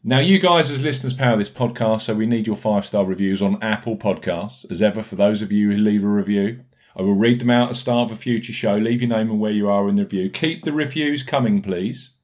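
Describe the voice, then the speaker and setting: A man hosting a casual podcast, brisk and jokey, reading out notes and listener reviews between banter. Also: fairly low pitch, darkish tone. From United Kingdom. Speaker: podcast host.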